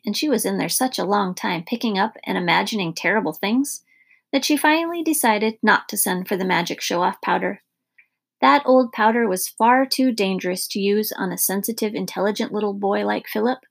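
A woman narrating a children's storybook in an expressive storytelling manner. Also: medium pitch, brisk, vocal fry, breathy edge.

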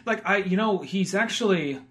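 Man, podcast host, casual film chat, profane, high voice, bright tone. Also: normal speed. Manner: profane, animated, shouts impressions of angry characters.

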